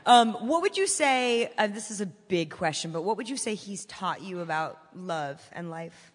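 A woman's voice: mid-range voice, animated, moderate pace, big-room sound. A woman interviewing a guest in casual, friendly chat, with teasing questions.

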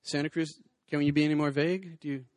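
A man's voice: a little high, fairly even intonation, fast, darkish tone, dry recording. A man doing a stand-up comedy set, wry and rambling, reading mock-serious bomb instructions and chatting with the crowd.

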